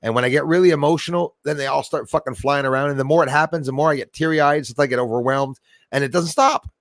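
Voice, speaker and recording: A man's voice: on the high side, fast, no echo, clean studio sound. A man hosting a casual livestream chat, rambling and emotional, swearing freely. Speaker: host.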